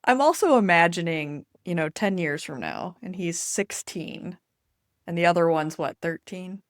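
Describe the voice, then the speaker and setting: A woman co-host chatting casually on a podcast, upbeat and quick to laugh. Her voice sits fairly low and the recording is dry and close. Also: very animated, no room sound. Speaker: podcast co-host and enneagram coach. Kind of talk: casual chat.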